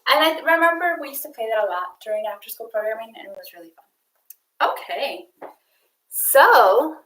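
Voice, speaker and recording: A young woman coach leading girls through an online exercise game, counting reps out loud in an upbeat way. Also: high-pitched, echoey room, poor audio. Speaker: youth sports coach.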